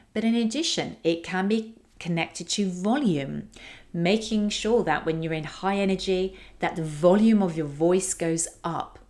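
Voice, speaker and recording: A woman hosting a podcast, giving an instructional talk and demonstrating vocal techniques with expressive delivery. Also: on the low side. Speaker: podcast host.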